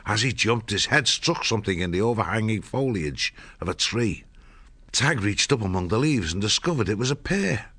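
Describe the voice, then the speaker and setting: Deep-voiced male audiobook narrator. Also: slightly rough, no room sound. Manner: measured, steady storytelling.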